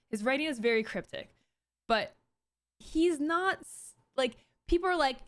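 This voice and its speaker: Woman, livestream commentary, reads and dissects tweets, talks to chat, fairly high voice, dry close sound. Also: no echo. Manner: reads tweets aloud and picks them apart; talks to chat, quick and animated. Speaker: streamer.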